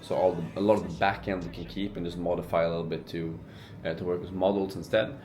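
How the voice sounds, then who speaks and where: Brief: twenties male vlogger, low voice, easygoing and unscripted, many fillers. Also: fast, a little hiss or hum. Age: 20s. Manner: relaxed, rambling, many fillers and restarts. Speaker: entrepreneur vlogger. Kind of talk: casual vlog narration.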